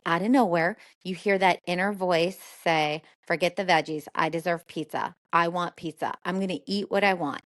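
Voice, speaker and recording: A middle-aged woman hosting a solo podcast as a therapist, talking conversationally and explaining ideas through everyday examples. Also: fairly low pitch.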